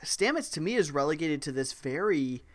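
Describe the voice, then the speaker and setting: Man, podcast co-host, somewhat high pitch, casual chat, eager, interjecting. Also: sing-song, normal speed.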